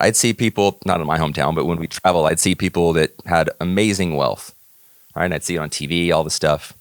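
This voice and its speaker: A man's voice: low voice, dry recording. A middle-aged man from Northern California giving a motivational talk, telling stories and acting out the dialogue with rising emphasis. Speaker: keynote speaker.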